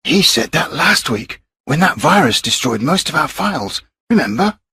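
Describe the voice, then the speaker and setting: A man doing a breathy whispering young teller. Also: fairly high pitch, very animated, normal speed, no echo, studio quality, pitched above the performer's own voice, exaggerated voice. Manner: hushed, breathy half-whisper. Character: young male bank teller, gossiping.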